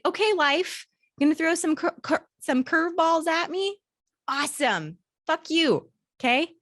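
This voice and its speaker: A woman in her thirties delivers an emphatic, motivational solo podcast from a hotel room, swearing now and then for punch. Her voice sits a little high. The sound is dry and close, with little room echo. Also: a bit bright. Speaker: podcast host.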